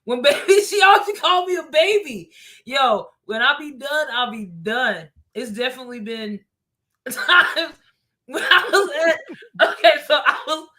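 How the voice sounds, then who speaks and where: A woman telling stories in a casual chat. She is animated, laughs often and swears freely. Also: high voice, moderate pace.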